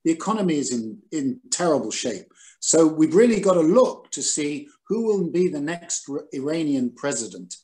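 An older man, a former newspaper editor, giving measured, analytical answers in an interview over a video call, with frequent ums and restarts. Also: fairly high pitch, very animated, mellow.

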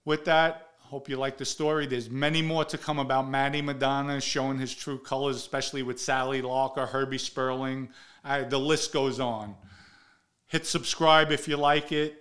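An older man from the Bronx, New York, hosts a show and tells stories in a blunt, profane, casual monologue. His mid-range voice is fairly bright and level at a moderate pace, though he gets louder when acting out quotes.

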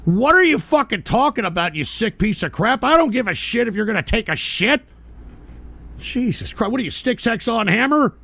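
A man hosting a livestream, ranting and swearing, with sudden yelling outbursts. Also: very high-pitched, lively intonation, normal speed, gravelly. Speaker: livestream host.

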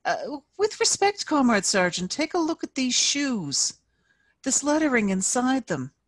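A woman's voice: high-pitched, sing-song, measured pace, no echo, pitched above the performer's own voice, exaggerated voice. A woman reading aloud and voicing a nervous young male officer who speaks anxiously and deferentially.

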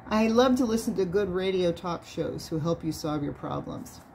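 A woman with a mellow, slightly low voice reads a nonfiction book aloud. Her delivery is measured, and she lifts her voice to stress key words. A faint hiss sits underneath. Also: animated, vocal fry. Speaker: reader of a book on sound healing.

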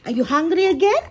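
Woman, dog owner, casual playful chat, high voice, slow unhurried delivery. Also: darkish tone. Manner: playful, coaxing, laughs often.

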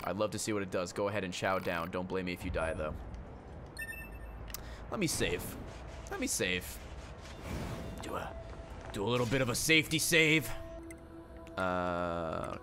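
A man streaming a game, joking around and swearing while he reads game text aloud. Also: on the low side. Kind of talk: casual gameplay commentary.

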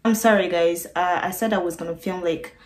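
A woman chatting casually to camera as an art vlogger, often pausing to search for the right word. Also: on the low side, steady tone. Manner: chatty, searches for words, many fillers. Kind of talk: casual vlog chat to camera. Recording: roomy echo with background music. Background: music playing.

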